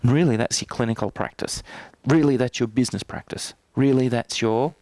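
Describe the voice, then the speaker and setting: A man's voice: mid-range voice, moderate pace, a little mellow, no echo. Trainer type, male, playful and teasing, dry close sound. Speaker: NLP trainer. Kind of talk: live workshop demonstration. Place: training room.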